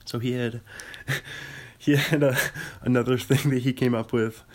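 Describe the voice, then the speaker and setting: A man's voice: medium pitch, fairly even intonation, measured pace. A man hosting a podcast, rambling about films in casual chat, often correcting himself and chuckling. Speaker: podcast host.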